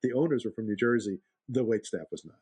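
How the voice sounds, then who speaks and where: A man chatting as a podcast co-host, his voice a little husky. He tells stories in a relaxed, animated way and laughs often. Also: on the low side, fast talker. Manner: storyteller, animated, laughs a lot. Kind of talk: casual chat.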